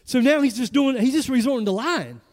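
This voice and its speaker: A male pastor, preaching an animated, emphatic sermon full of rhetorical questions. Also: very high-pitched, fairly quick. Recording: long hall reverb.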